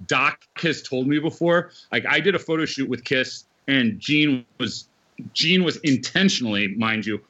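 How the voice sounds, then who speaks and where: A man's voice: mid-range voice, unhurried, pushed and bright. Blunt guy telling band stories on a podcast, keeps restarting sentences, muffled lo-fi sound. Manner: blunt, emphatic, lots of restarts. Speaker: podcast guest, former magazine editor and band manager. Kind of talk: casual storytelling chat.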